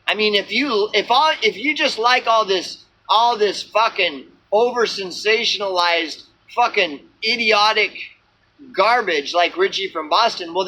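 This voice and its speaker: Bright-voiced man ranting to camera. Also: sits high, slight background noise, rough recording. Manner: profane, repetitive, many fillers and restarts. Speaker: small channel vlogger. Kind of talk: rambling unscripted rant to camera.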